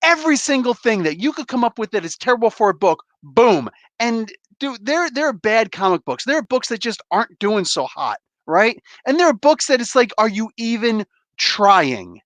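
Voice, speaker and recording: A man's voice: very high-pitched, big pitch swings, normal speed, fairly bright tone, no echo. A man hosting a live comic book review, ranting in an exasperated, blunt way, swearing casually and calling out viewers in chat. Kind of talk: heated live review rant.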